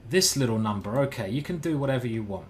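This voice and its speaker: A man's voice: medium pitch, animated, fast, slight background noise. A man giving casual live-stream chess commentary, thinking aloud and chatting with his viewers. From United Kingdom.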